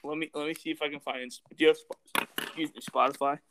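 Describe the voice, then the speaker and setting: Young male co-host, a bit high-pitched, giggly, self-amused. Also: steady tone, quick pace, background noise. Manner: laughs at his own jokes, drops into quoted voices. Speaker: podcast co-host. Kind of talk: casual banter.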